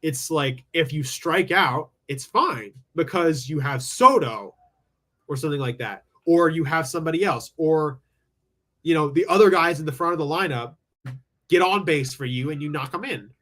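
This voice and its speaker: A sports talk show host runs a casual live call-in show from home with screen share. His voice is on the high side, animated and a bit bright, at normal speed. He rambles through his takes, thinking aloud with lots of "like" and restarts.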